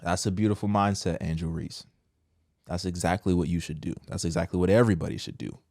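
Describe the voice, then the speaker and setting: A man hosting a casual opinion commentary, talking slangy and direct, swinging between loud outbursts and quiet low asides. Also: fast, vocal fry, dry recording, clean studio sound. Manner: casual slangy address, says bro. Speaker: commentary host.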